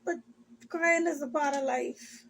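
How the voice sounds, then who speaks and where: Woman, high voice, emotional testimony, sometimes tearful. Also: fairly even intonation, measured pace, creaky, a bit bright, a little hiss or hum. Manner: impassioned, repetitive, addresses listeners as "people of God".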